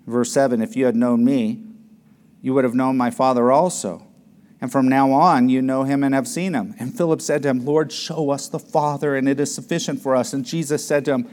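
A man preaching a sermon, emphatic, swinging between loud declarations and quiet low stretches. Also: moderate pace.

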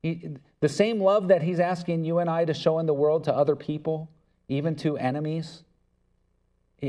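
This is a man preaching a sermon with a warm, mellow voice at an average pitch. He talks to his congregation in an earnest, conversational way. He slips into quoted back-and-forth dialogue. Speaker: pastor.

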